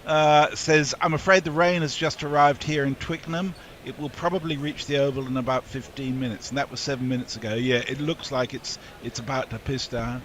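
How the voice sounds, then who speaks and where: A man's voice: mid-range voice, fairly even intonation, a little fast, few pauses, fairly bright tone, slight background noise. A man casually reading out listener messages on a cricket broadcast, with chatty, amused asides. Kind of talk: casual chat reading tweets.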